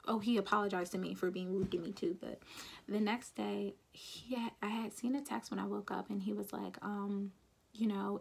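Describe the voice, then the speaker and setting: A woman's voice: medium pitch, creaky, a little mellow, slightly rough. A young woman telling a personal story in a casual, chatty vlog, talking frankly and quoting the people around her as she goes. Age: young adult. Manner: chatty, frank, quotes others in passing. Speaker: vlogger.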